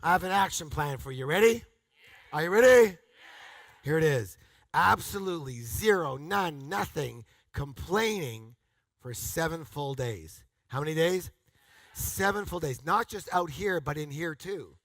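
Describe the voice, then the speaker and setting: A man delivers a motivational seminar talk to a live audience with energy and emphasis, frequently prompting the crowd to answer or repeat his words and erupting into loud, punchy exclamations. His voice sits fairly high, his pace is unhurried, and there is no room sound.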